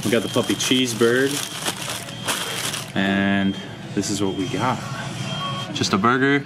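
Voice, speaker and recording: A young man vlogging a casual food review, animated and ranting with loud exclamations. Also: lowish voice, slow pace, long pauses, over music. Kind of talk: casual vlog chat.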